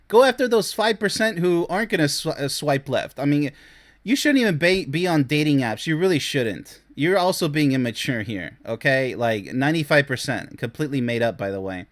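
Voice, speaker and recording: A man's voice: a little high, animated, normal speed. Blunt, scornful male relationship commentator. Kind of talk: reaction commentary on read-out posts.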